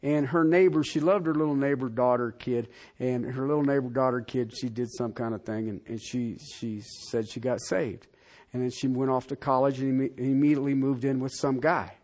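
A man preaching a sermon, asking the congregation direct questions and swinging from loud emphatic lines to quiet ones. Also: mid-range voice, fairly even intonation, moderate pace. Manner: talks straight to the congregation with rhetorical questions. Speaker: pastor.

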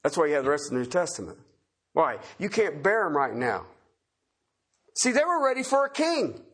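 A man preaching a sermon in a folksy way, swinging from loud emphatic points to quiet chuckling asides. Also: fairly high pitch, big pitch swings, normal speed, husky.

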